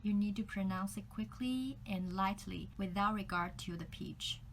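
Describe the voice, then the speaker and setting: A woman whose first language is Mandarin Chinese, teaching a lesson to camera and demonstrating tones with exaggerated pitch glides. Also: normal speed, a little hiss or hum, rough recording.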